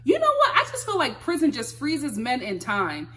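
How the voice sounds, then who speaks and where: A woman's voice: high-pitched, huge pitch swings, normal speed, noisy background. A woman vlogger recapping a reality show in casual, gossipy commentary, laughing often and recording on her phone.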